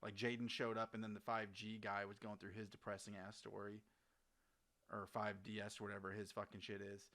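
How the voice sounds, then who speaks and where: A man co-hosting a casual gaming podcast, excitable and rambling, swearing often. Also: lowish voice, brisk. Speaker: podcast co-host. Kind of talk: casual chat.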